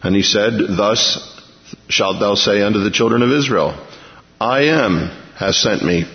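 A man's voice: lowish voice, unhurried. A man preaching a verse-by-verse sermon, retelling scripture in a folksy, chuckling way. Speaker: pastor. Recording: lo-fi radio broadcast with long reverb.

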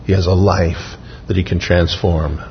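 Guy preaching, earnest and slow on the big words, long echo, kinda muffled sound. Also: low voice, level tone. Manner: earnest, repetitive preaching cadence with slow emphatic phrases. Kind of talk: sermon. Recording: dull, muffled audio with long reverb.

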